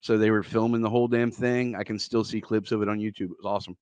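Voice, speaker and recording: A man's voice: fairly low pitch, steady tone, fast talker, darkish tone, smooth, no echo. A man co-hosting a podcast, chatting casually and chiming in with short agreements and his own music memories. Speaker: co-host, former backing singer.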